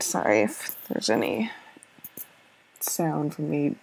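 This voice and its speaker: A woman's voice: fairly low pitch, expressive, slow, gravelly, a little mellow, a little hiss or hum, low-quality recording. A woman narrating her own puzzle-game play, thinking aloud in a hesitant, self-doubting way with many fillers and repeated okays. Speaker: let's play gamer. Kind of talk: thinking-aloud gameplay commentary.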